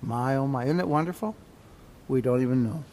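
A man's voice: mid-range voice, a little fast, a little mellow, long reverb tail, a little hiss or hum. A man teaching a Sunday school Bible class in a folksy, conversational way, repeating key phrases and checking in with "right?".

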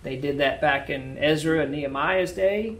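A man's voice: on the high side, moderate pace, a bit bright. A man leading a Bible study, reading scripture aloud and then explaining it in plain, casual words.

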